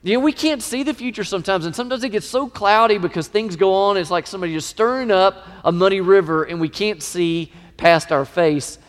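A middle-aged man preaching a sermon, emphatic and animated, his voice swelling in pitch and volume. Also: brisk, hardly any pauses. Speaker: pastor. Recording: long reverb of a large hall.

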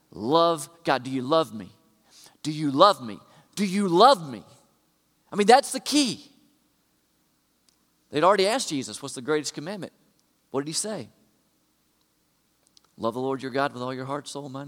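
A man preaching a sermon, shifting from quiet conversational asides to loud, emphatic repetitions. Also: on the high side, animated, brisk, pauses often. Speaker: pastor. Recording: long hall reverb.

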